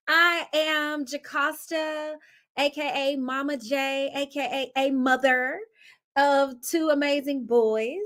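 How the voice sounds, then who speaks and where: Chatty young mom vlogger, high voice, unhurried delivery. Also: female voice, steady tone, a bit bright. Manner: chatty, laughs often, talks to her kids mid-sentence. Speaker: vlogger and mother. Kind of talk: casual chat to camera.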